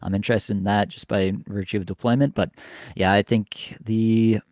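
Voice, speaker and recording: A man hosting a casual podcast, talking in a relaxed, chatty way with lots of fillers. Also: on the low side, moderate pace, no echo, clean studio sound. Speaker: podcast host. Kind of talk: casual fantasy hockey podcast chat.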